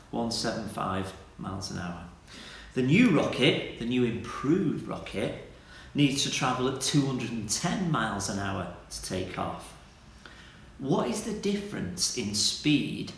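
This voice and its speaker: A man, a primary school teacher, leading an online school assembly for children in an animated, playful way. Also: mid-range voice, vocal fry, very echoey.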